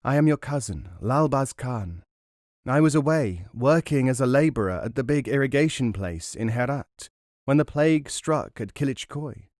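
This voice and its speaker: A man's voice: medium pitch, animated, moderate pace, darkish tone, no room sound, studio quality, lightly acted. A male narrator voicing a poor, proud Afghan peasant man over sixty, talking with fierce defiance. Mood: pleading.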